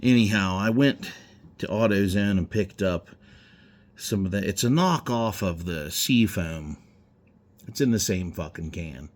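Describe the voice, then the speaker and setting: A garage owner speaks low and unhurriedly from inside his garage, but his vlog is a rambling, profane, heated rant.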